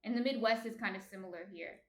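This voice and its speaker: A woman's voice: mid-range voice, fast, a little hiss or hum. Chatty New Jersey woman streamer. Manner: chatty, reads viewer comments aloud. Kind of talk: casual chat while baking. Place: home kitchen. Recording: echoey room.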